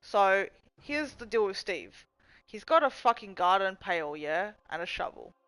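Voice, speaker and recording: A young woman chats loosely on her livestream, cursing often and drifting between jokes and reading out chat. Her voice comes across smooth and clear, and the sound is dry and close with no room echo. She talks at a middling pitch. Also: sing-song, unhurried, a bit bright. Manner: chatty, profane, goofy, reads chat aloud. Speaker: livestream host. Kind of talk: casual rambling livestream chat.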